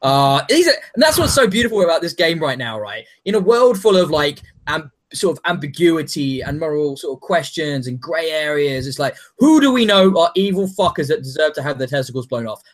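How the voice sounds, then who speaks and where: A man's voice: a little high, brisk, hardly any pauses. A man in casual chat, reviewing a game with enthusiasm and frequent swearing. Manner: enthusiastic, swears freely, animated.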